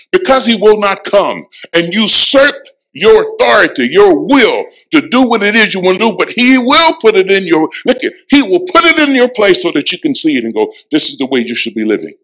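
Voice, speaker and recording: A man preaching a sermon as pastor in a church, emphatic, dropping to a hush and rising again, repeating lines for effect. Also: high-pitched, rough recording. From Florida. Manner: emphatic preaching, swings from hushed to loud. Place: church sanctuary.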